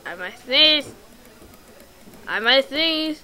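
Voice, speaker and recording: A woman giving rambling, excitable let's play commentary while gaming, full of ums and restarts. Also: sits high, takes it slowly, pauses often, slight background noise, rough recording. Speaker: gamer.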